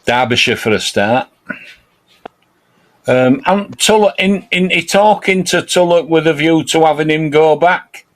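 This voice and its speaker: A man co-hosting a casual football fan chat, opinionated and quick with jokey asides. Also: fairly high pitch. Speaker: podcast co-host.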